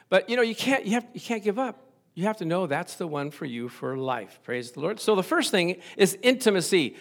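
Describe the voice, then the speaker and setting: Animated older man preaching a sermon. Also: high voice, a little fast. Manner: animated, chuckling, acts out little dialogues. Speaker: pastor.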